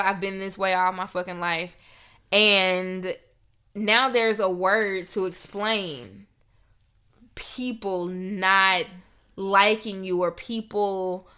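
A woman's voice: mid-range voice, pushed and bright, clear, resonant tone. A young woman hosting a podcast, ranting in a heated, emphatic, profane casual talk. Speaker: podcast host.

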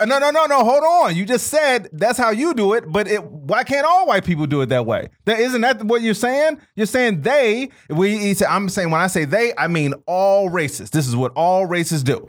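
A man's voice: high-pitched, expressive, moderate pace, hardly any pauses. A man in a heated casual podcast debate, insistent, interrupting and repeating his words.

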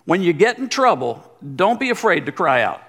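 A man preaching a sermon in a high, swooping voice that climbs and falls all the time. He repeats his phrases for emphasis, and his delivery is animated and full of energy. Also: moderate pace. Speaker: guest pastor, former pastor of the church.

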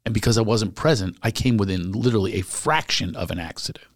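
A man, a stand-up comic, chatting casually and telling animated stories, acting out the people he quotes. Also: on the low side, quick pace, dry recording, studio quality. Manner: animated storyteller, acts out quotes. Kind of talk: casual podcast chat.

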